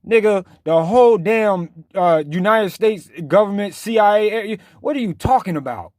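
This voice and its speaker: A man's voice: high voice, expressive, normal speed, a little mellow, no room sound. A man giving blunt, slangy, mocking reaction commentary over a video clip.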